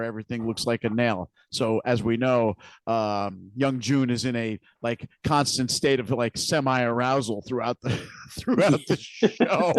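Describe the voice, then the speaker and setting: Man recapping a show with halting restarts. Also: medium pitch, no room sound. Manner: halting, repeats words while retelling scenes. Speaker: podcast co-host. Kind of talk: casual recap chat.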